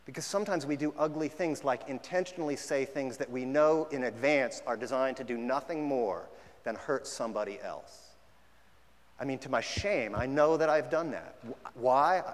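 A man with a voice on the high side preaches a sermon at a moderate pace, keeping it conversational and sometimes mimicking half-hearted apologies. The recording has long hall reverb.

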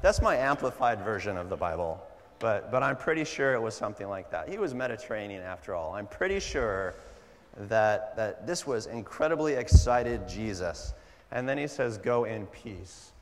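A man preaching a sermon at a church service, animated and conversational, wandering into asides, in a hall with long reverb. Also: mid-range voice. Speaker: pastor.

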